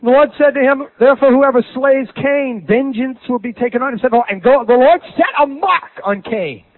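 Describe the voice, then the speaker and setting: A man preaching a sermon, dramatic, swinging from loud bursts to low asides. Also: fairly quick, dry recording. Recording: tinny phone-like sound.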